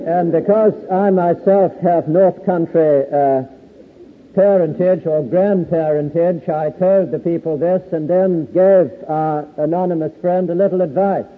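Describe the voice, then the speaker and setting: Measured man preaching in a big tent. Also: on the high side, fairly even intonation, slightly rough, big-room sound, phone-quality sound. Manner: measured, formal, with occasional hesitant fillers. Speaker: Bible teacher at a convention. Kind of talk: Bible exposition sermon. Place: large tent.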